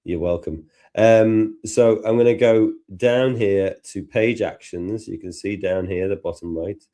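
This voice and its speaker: A man with a Liverpool accent hosting a live software lesson, chatting and thinking aloud as he works. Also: fairly low pitch, unhurried. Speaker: tutor and host. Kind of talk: live software tutorial chat.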